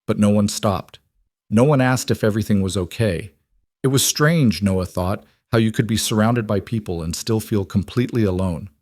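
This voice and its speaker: Low-voiced male story narrator. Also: normal speed, darkish tone, no echo, clean studio sound.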